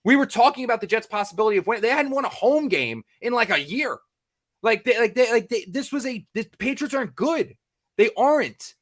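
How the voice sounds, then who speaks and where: A man's voice: very high voice, expressive, brisk. An American man, a sports reporter co-hosting a podcast, ranting in exasperation, repeating himself and swearing freely.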